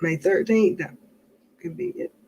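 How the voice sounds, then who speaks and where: A woman's voice: mid-range voice, very animated, unhurried, gravelly, a little mellow, slight background noise. A woman hosting a casual livestream, chatting in a rambling way and laughing often. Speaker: livestream host.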